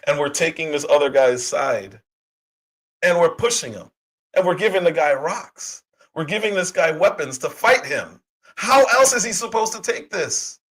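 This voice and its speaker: A man hosting a political commentary livestream, hoarse from a cold, talking heatedly with rhetorical questions and frequent restarts. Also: sits high, a bit bright, rough recording. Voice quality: husky. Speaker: livestream host.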